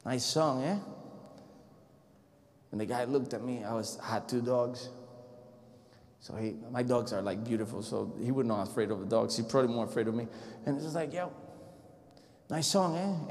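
A man preaching a sermon in a casual, conversational way, telling a story and swinging between loud bursts and hushed, near-whispered passages. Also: mid-range voice. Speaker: pastor. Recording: long echo of a large hall.

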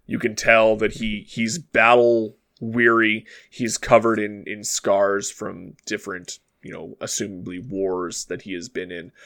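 A man narrating a tabletop role-playing game as game master, relaxed and hesitant, with frequent fillers. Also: lowish voice.

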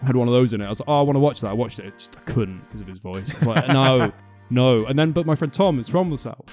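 A man's voice: mid-range voice, racing, warm tone, soft background music. A man from England co-hosting a podcast, rambling and laughing at himself in casual chat. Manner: rambling, self-mocking, laughs often. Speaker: podcast co-host.

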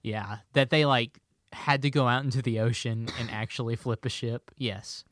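A man's voice: mid-range voice, steady tone, normal speed, fairly bright tone, no echo, studio quality. A man co-hosting a casual movie podcast, chatting playfully and quizzing his co-host. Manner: playful, quizzing with a hammy pirate delivery.

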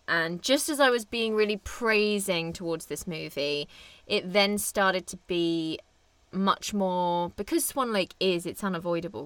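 A woman's voice: lowish voice, pushed and bright, clear, resonant tone, no echo. A young adult woman co-hosting a podcast, talking casually and animatedly about a film, laughing often. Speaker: podcast co-host.

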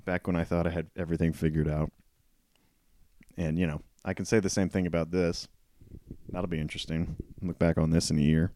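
A young man in his twenties rambles through a casual solo podcast with a very low, mellow voice. He mocks himself and swears freely, and a cough keeps cracking his voice. The sound is dry and close. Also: dry recording. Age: 20s. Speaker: podcast host.

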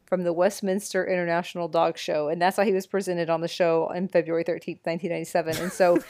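A woman's voice: fairly low pitch, little pitch movement, fast, a little mellow, no room sound, studio quality. A young woman co-hosting a casual podcast, laughing often and swearing freely. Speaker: podcast co-host. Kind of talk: casual chat.

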